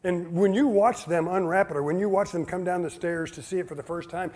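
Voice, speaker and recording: A man's voice: a little fast, a little mellow. A man preaching a sermon in a conversational way, asking the listeners questions, chuckling often and acting out little quotes. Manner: acts out quotes in a higher playful voice. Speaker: pastor.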